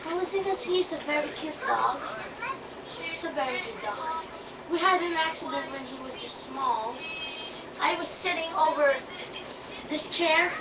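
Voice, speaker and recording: A woman chatting casually on a home webcam video, scolding her puppy and yelping out loud. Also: sits high, moderate pace, long pauses. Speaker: dog owner. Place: room at home. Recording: echoey, distant, noisy webcam audio.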